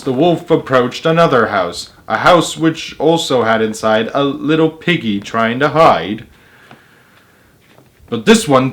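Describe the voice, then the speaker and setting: A man's voice: mid-range voice, fairly bright tone. A man in his twenties reading a rhyming storybook aloud in an amused, playful way. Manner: amused, breaks into laughter.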